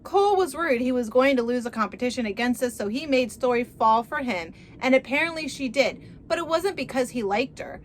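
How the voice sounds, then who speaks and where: A woman's voice: high voice, lively intonation, a little fast, few pauses, a little hiss or hum. A woman reading a blunt, protective young woman. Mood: matter-of-fact. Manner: matter-of-fact, explaining.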